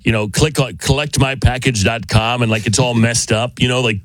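A man hosting a casual radio chat, animated and playful as he reads things aloud. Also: medium pitch, a little fast, dry recording. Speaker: radio host.

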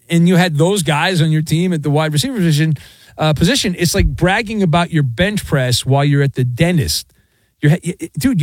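A man hosts a sports talk show in a lively, bouncing voice that sits a little high. He riffs playfully and leans hard into sarcasm. The sound is dry and close, with no room around it. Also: no echo. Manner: animated, playful riffing and sarcasm.

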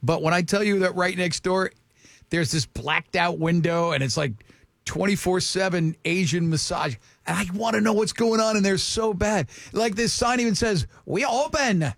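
A man with a higher-than-usual, gravelly voice hosting morning radio. He chats and tells stories with animation, close to a dry studio mic. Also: normal speed, no echo. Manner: chatty, animated storytelling. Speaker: radio talk show host.

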